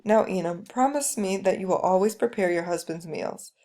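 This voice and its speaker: A stern, traditional mother lays down the rules in a firm, lecturing tone, voiced by a woman reading a story aloud. The voice is low in brightness and carries a gravelly edge. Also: moderate pace, natural voice.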